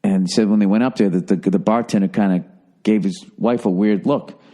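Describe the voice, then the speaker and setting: A man's voice: on the low side, fairly even intonation, fairly quick, warm tone. Blunt, profane middle-aged man. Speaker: podcast host. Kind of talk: casual advice rant.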